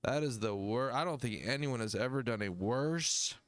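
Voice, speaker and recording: A man hosting a livestream music review, talking casually, joking and swearing as he thinks out loud. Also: mid-range voice, normal speed, dry recording. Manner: profane, jokey, thinks aloud.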